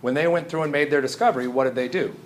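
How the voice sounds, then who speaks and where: A man teaches a chemistry class as a conversational lecture, frequently checking in with students by asking "Right?". His voice is fairly high-pitched and racing, with slight background noise.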